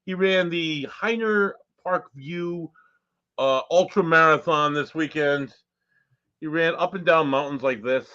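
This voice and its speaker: A man's voice: fairly high pitch, fairly bright tone, dull audio. A man co-hosting a podcast in a casual chat, talking in a laid-back, loose way and swearing casually. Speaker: podcast co-host.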